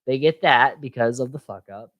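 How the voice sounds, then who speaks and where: A man's voice: medium pitch, normal speed, a bit bright, no echo. Chatty man in a dry-sounding podcast. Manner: chatty, laughs often, quotes scenes in character voices. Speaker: podcast co-host. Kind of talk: casual film recap chat.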